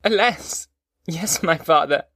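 A man voicing a distraught, feverish young man with pleading, high-strung outbursts in an audiobook. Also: animated, normal speed, fairly bright tone, husky, no room sound, clean studio sound. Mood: despairing. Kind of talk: audiobook character voice.

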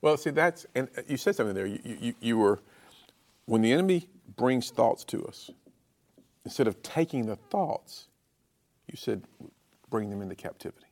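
A man hosts a faith talk show with a lively, rising and falling voice that slips into preaching. He affirms his guest warmly, then turns to address the viewers directly with sermon-like emphasis. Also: mid-range voice, normal speed, pauses often. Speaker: host of a Christian talk show. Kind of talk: preaching-style interview talk.

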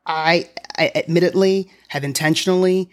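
A podcast host in a solo commentary, talking in a conversational, wry way and thinking aloud, recorded in a quiet apartment at home. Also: mid-range voice, steady tone, moderate pace.

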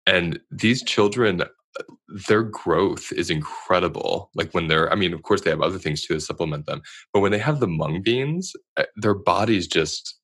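Male host, very low, husky voice, effusive and chatty. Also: animated, normal speed. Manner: warm, effusive, laughs often. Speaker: podcast host. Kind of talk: casual chat.

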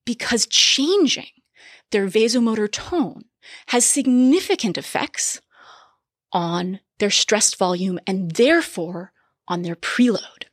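A woman giving a recorded medical lecture, explaining physiology in a lively, conversational way with quick asides. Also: mid-range voice, no echo, studio quality.

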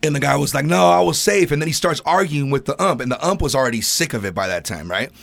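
A man co-hosting a podcast, telling stories with animated, loud acted-out quotes. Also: mid-range voice, fast talker, gravelly, no echo. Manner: animated storyteller, acts out quotes loudly. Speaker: podcast co-host. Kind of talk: casual podcast chat.

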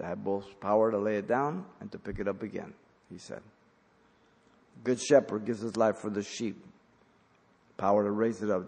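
A low, gravelly male voice delivering a verse-by-verse sermon in a church. He builds to emphatic, louder passages and then drops quiet again. A long hall reverb trails behind each phrase. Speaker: preacher. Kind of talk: expository sermon.

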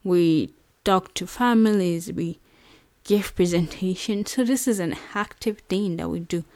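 Young Nigerian woman host, earnest personal monologue, low gravelly tone, close dry sound. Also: a little slow, darkish tone, dry recording. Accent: Nigerian English. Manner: earnest, many fillers like "you know" and "like". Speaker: podcast host.

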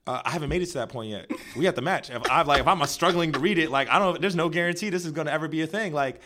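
A man's voice: on the high side, very fast, noisy background. A young man chatting casually as a podcast co-host, loose and slangy, full of filler words. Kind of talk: casual chat.

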